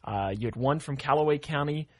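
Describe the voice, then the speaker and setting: A man's voice: fairly high pitch, a little fast. A man hosting a morning radio show, chatting casually and reading news and weather. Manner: relaxed, reads news and weather plainly.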